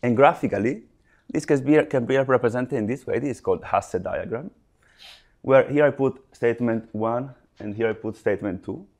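A man giving a live lecture, explaining step by step with frequent restarts and pauses. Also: medium pitch, darkish tone. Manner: halting, restarts mid-phrase, explains step by step.

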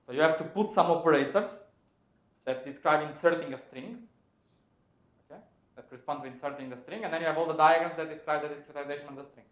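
A man's voice: fairly high pitch, fast talker. A man giving a technical physics lecture, explaining step by step and correcting himself as he goes. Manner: thinks aloud, self-correcting, explanatory. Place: lecture hall. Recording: echoey lecture room.

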